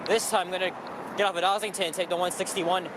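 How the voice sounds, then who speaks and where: A man with a notably high-pitched voice chats loosely as he walks outdoors, trailing into fillers and restarting his sentences. He talks into a handheld camera mic on a busy street. Steady traffic and passing buses rumble loudly behind him. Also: fast. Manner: rambling, animated, frequent fillers and restarts. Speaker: walking vlogger. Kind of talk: casual walking commentary. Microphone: handheld camera mic while walking.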